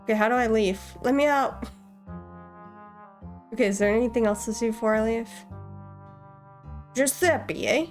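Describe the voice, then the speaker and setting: A woman's voice: on the high side, normal speed, pauses often, faint music behind. A woman hosting a gaming channel, casually commenting and thinking aloud while playing. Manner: chatty, thinks aloud, jokey.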